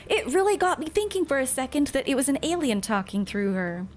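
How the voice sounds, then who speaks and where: A woman's voice: high-pitched, sing-song, fairly quick, few pauses, faint music behind. A woman from Canada talking casually to chat while she streams a story game, chatty and full of little restarts. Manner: chatty, answers chat, frequent "like" fillers. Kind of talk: live gameplay commentary.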